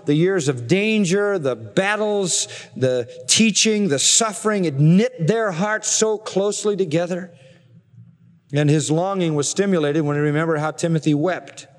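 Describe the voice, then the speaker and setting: A man preaching an expository sermon, earnest and emphatic, building to fervent appeals. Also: fairly high pitch. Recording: long hall reverb.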